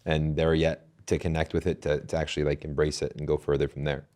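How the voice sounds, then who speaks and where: A male podcast host with a very deep voice talks quickly and eagerly. He keeps affirming his guest in a loose, casual interview. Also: monotone, dark tone. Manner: enthusiastic, affirming.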